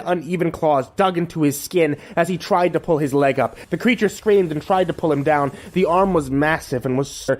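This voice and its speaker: A man reading a horror story aloud in a measured, dramatic narration. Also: on the high side, darkish tone. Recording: faint music underneath.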